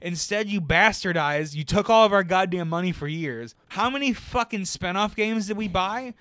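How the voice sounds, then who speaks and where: A man's voice: high voice, expressive, normal speed, a bit bright, no room sound, clean studio sound. A man co-hosting a podcast in casual chat, blunt and sarcastic with heavy swearing. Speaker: podcast co-host.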